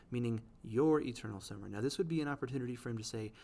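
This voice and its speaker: A man teaching, explaining the language of poems in a patient way. He checks in often with "right?" and reads the quoted lines slowly. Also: medium pitch, gravelly, warm tone.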